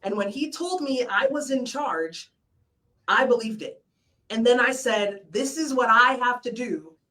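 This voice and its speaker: A middle-aged woman, a former military commander, telling a reflective story with earnest, animated retellings at a virtual book launch over a video call. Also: a little high, unhurried, distant mic, rough recording.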